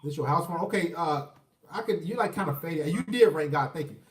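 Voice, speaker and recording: A man's voice: fairly high pitch, animated, fairly quick, distant mic. A man in his thirties hosting a casual call-in live stream, blunt and profane as he urges callers to talk. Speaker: call-in show host. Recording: echoey room, off-mic.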